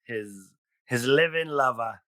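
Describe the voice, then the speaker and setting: Male podcast co-host, bright dry voice, loose storyteller who swears freely. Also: mid-range voice, slow, dry recording. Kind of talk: casual chat.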